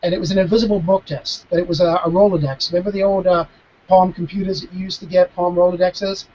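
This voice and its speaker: A man, a mentalist guest, chatting casually over a video call, animated and stopping to restart his sentences. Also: high voice, quick pace, muffled recording. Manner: animated, acting out dialogue, frequent restarts. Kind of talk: casual storytelling Q&A.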